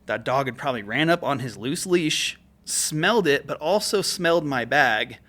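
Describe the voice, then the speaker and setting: A man's voice: mid-range voice, lively intonation, normal speed, fairly bright tone. A man guest on a podcast, telling a story in a casual, profane way full of fillers. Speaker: guest, military veteran. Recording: podcast studio mic.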